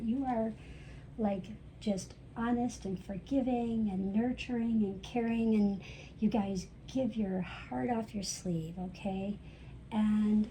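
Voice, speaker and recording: Slow, mellow-voiced woman giving gentle guidance. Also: mid-range voice, a little hiss or hum, poor audio. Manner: gentle, reassuring, chatty with many fillers. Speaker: spiritual channel host giving astrology messages. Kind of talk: casual spiritual guidance talk.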